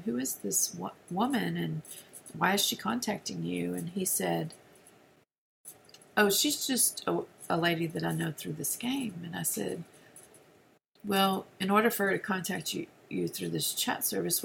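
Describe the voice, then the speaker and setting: Woman, middle-aged, very gravelly voice, earnest testimony, restarts often, faint background noise. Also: lowish voice, lively intonation, moderate pace. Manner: earnest, with frequent restarts and soft dips to near-whisper. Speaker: speaker sharing a personal testimony. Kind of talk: personal testimony storytelling.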